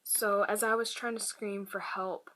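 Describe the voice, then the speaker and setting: Girl vlogger talking to camera, bright voice, quiet and halting, lots of ums and restarts. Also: medium pitch, little pitch movement. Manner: halting and hushed, often dropping to a whisper; many fillers and restarts. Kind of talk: personal storytelling to camera.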